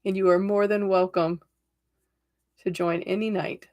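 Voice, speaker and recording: A woman with a mid-range, slightly mellow voice speaks in a steady tone at a measured pace. A tarot reader, she hosts a casual, upbeat livestream, telling stories and checking in with viewers. She's chatty and cheerful, tagging many sentences with "right?"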